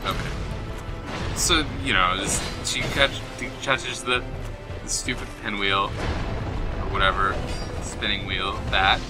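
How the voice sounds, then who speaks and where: A man's voice: on the low side, fairly even intonation, slow pace, pauses often. A man co-hosting a gaming show, retelling a film plot in a rambling, dismissive way with lots of fillers. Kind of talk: casual chat while playing a game. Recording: game music behind the voice.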